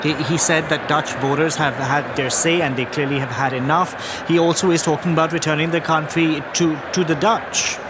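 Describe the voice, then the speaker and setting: A man news anchor asking a halting, stammering question. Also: a little high, fairly even intonation, noisy background.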